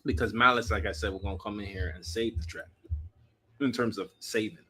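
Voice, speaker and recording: A man with the hiccups reacting to a song on a live stream, with loud exclamations and laughter. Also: on the low side, steady tone, brisk, breathy edge. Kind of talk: excited live music reaction chat.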